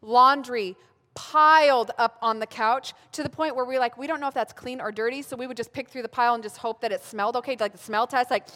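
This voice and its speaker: Woman pastor in her thirties, fairly high voice, wry self-mocking sermon, long hall reverb. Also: steady tone, fairly quick, pushed and bright. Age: 30s. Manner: humorous, self-mocking storytelling. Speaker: pastor speaking at a women's gathering.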